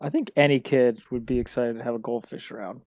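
A man's voice: mid-range voice, fairly even intonation, fast, darkish tone, no echo. A man co-hosting a podcast, playfully teasing and probing his friend in casual chat. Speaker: podcast co-host.

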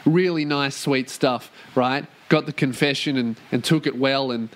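A young man hosting a casual podcast, ranting in a sweary, animated way and breaking into loud put-on voices for quotes. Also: mid-range voice, measured pace. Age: young adult. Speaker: podcast host. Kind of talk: casual rant monologue.

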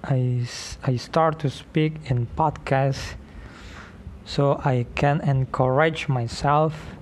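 A man who is not a native English speaker hosting his own podcast, talking slowly with many pauses, restarts and fillers. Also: mid-range voice, a little mellow, slight background noise. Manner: slow, halting speech with many restarts and fillers. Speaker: podcast host. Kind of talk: casual solo podcast talk.

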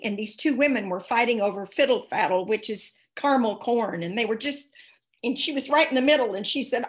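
A woman with a fairly high voice shares earnest, animated stories as a guest. She talks casually and warmly. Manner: earnest, animated anecdotes with acted quotes. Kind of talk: casual storytelling.

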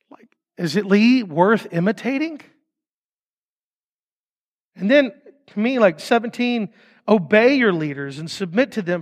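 A man preaching a sermon as pastor, casual and conversational with quick asides. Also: sits high, long reverb tail.

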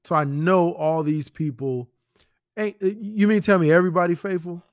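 Blunt, profane man with a slightly high voice. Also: normal speed, smooth, no echo, clean studio sound. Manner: blunt, profane, fires rhetorical questions. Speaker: podcast host. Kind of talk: casual commentary monologue.

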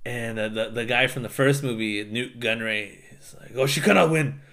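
Man retelling a movie with mock voices. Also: medium pitch. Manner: profane, animated retelling with quick mock voices. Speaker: podcast co-host. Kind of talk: casual chat.

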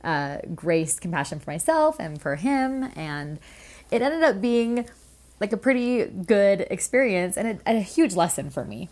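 A woman's voice: mid-range voice, unhurried. A woman co-hosting a podcast, telling a story in a casual chat and acting out the quotes. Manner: lively storyteller, acts out quotes. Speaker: podcast co-host.

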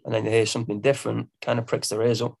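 A man's voice: mid-range voice, flat delivery, very fast, vocal fry, darkish tone. A man with an English accent, a singer-songwriter guest on a podcast, who talks hesitantly with lots of ums and laughs at himself. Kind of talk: casual podcast interview.

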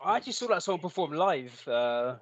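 A man from the UK as a guest on a podcast in casual chat, hesitant with many fillers and quick to laugh. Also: fairly high pitch, big pitch swings, dry recording, dull audio. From United Kingdom.

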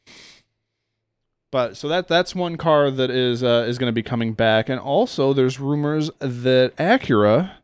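A man's voice: mid-range voice, animated, unhurried, clear, resonant tone, no echo. A man in an easygoing podcast chat, wandering through car news with loose jokes and frequent laughs. His voice sits in a middling register and is recorded dry and close, with no room around it. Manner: joking, rambling, laughs often. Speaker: podcast co-host. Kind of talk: casual chat.

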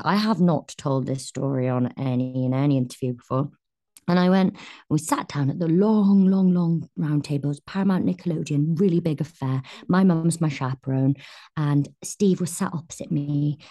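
Welsh woman, young adult, low and mellow voice, animated raconteur who jumps into quoted voices. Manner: animated storyteller, acts out quotes, quick bursts. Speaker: actress guest. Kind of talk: anecdotal podcast chat.

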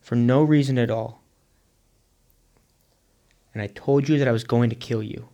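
A man voicing a grieving, forgiving middle-aged mother in a retold story, in a quiet, earnest way. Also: mid-range voice, unhurried, dull audio, close to an everyday voice.

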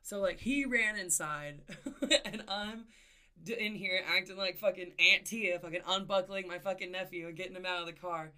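A woman co-hosting a podcast, telling a story in casual chat, animated, swearing and laughing as she acts out the people in it. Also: on the low side, normal speed, clean tone. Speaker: podcast co-host.

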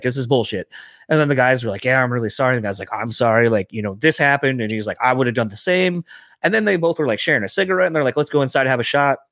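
Fast-talking profane bouncer man. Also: mid-range voice, dry recording. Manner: profane, animated storyteller acting out quotes. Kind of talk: casual podcast storytelling.

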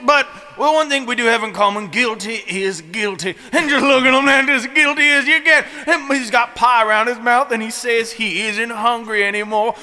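A man's voice: very high voice, bright, forceful tone, big-room sound, exaggerated voice. A man playing a folksy, drawling prosecutor with a put-on Southern accent in a comedic improv courtroom scene. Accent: put-on American Southern. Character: folksy self-styled Southern lawyer, male, young adult.

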